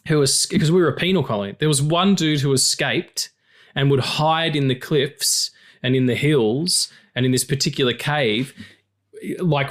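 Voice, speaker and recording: An Australian man hosting a podcast, in a casual, jokey, swearing chat. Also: medium pitch. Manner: animated, swearing, jokey storytelling. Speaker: podcast host.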